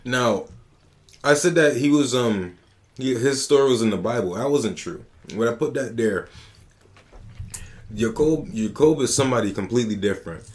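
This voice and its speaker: A man hosting a relaxed podcast chat, retelling stories in loose, profane street slang. His voice sits at an ordinary middle pitch, and his delivery is lively and conversational. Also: normal speed, long pauses. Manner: slangy, animated storytelling with profanity. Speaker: podcast host.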